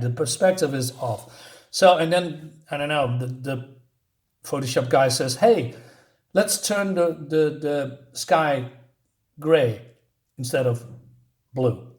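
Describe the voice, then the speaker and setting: A man's voice: on the high side, a little mellow. A man reviewing a comic book in a scornful, exasperated rant, often stumbling into restarts.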